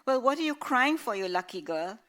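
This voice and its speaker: A woman reads out a gruff, iron-willed old grandfather who bellows and blusters. His voice rides high and loud over the story, stubborn and impatient. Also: moderate pace, close to an everyday voice. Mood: blustering.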